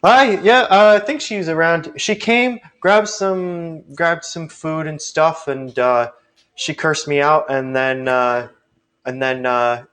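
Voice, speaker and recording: Actor plays a cocky, rambling ship's chef, voice pitched a touch up. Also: male voice, slow, fairly bright tone, clear, resonant tone. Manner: rambling, hesitant restarts.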